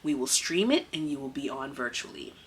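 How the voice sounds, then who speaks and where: A woman voicing a calm, firm female school principal who speaks in a steady, reassuring way. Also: rumbling low, brisk, background noise, pitched below the performer's own voice. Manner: soothing, steady, insistent.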